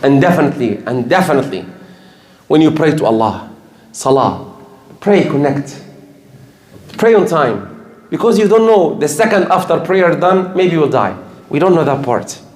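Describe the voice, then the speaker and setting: Older male preacher, high-pitched, emphatic and repetitive, roomy echo. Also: expressive, normal speed, pauses often, darkish tone. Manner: earnest, repetitive, emphatic, with slips. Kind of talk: sermon. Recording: echoey room.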